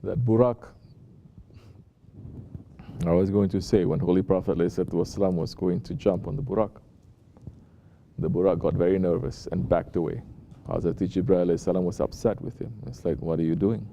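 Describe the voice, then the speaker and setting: A man, a sheikh, giving an unhurried sermon and often checking in with his listeners with rhetorical questions. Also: low-pitched, vocal fry, dark tone, dull audio, slight background noise. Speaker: sheikh giving a talk at a Sufi lodge.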